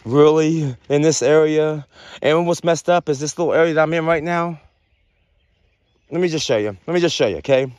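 A man vlogging outdoors in the woods, rambling excitedly and joking as he goes. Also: on the high side. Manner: excited, rambling, talks to mushrooms playfully. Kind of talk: casual outdoor vlog narration.

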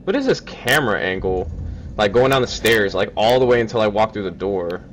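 Excitable swearing male streamer. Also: on the low side, fairly quick, a little hiss or hum. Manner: excitable, swearing, laughs often. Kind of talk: casual co-op gameplay chat.

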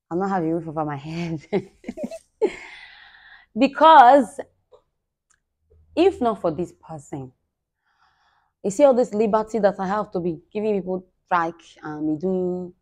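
A woman, a singer giving a heartfelt, effusive thank-you speech to her supporters, often laughing and moving between loud bursts and soft murmurs. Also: mid-range voice.

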